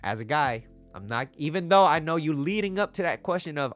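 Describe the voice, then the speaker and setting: A man's voice: on the high side, lively intonation, fairly quick, faint music behind. A man talking casually as a dating coach, coaxing and conversational, often repeating himself. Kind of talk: casual advice talk to camera.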